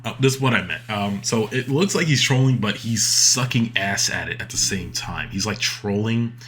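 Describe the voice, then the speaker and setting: A man's voice: fairly low pitch, normal speed, a bit bright. A man hosting a reaction channel, giving casual scornful commentary with hesitant, stammering restarts.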